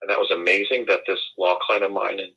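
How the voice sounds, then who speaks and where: A man's voice: low-pitched, flat delivery, fast talker, gravelly, slightly rough, dull audio. A man from the United States, speaking as an interview guest in an emphatic, formal and indignant way. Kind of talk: conversational interview.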